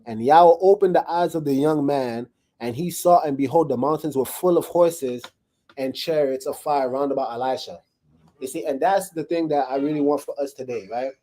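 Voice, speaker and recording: A man teaches from the Bible to a small group in a room, like a conversational sermon, checking in often and repeatedly asking "right?". His mid-range voice is mellow and moves at a normal speed.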